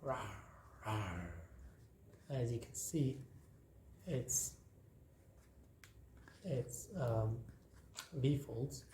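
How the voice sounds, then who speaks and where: Folding paper as he talks, a man hosting a craft tutorial explains each step slowly, calmly, and with plenty of repetition. He has a mellow, medium-pitched voice. The room is echoey, with faint background noise beneath him.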